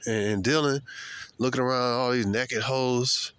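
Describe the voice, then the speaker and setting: A man vlogging outdoors, talking in a slangy, emphatic and preachy way while walking fast and breathing hard. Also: mid-range voice, fairly even intonation, a bit bright, smooth, no echo. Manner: slangy, emphatic, repeats points. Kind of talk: casual preachy monologue. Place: outdoors on a walk.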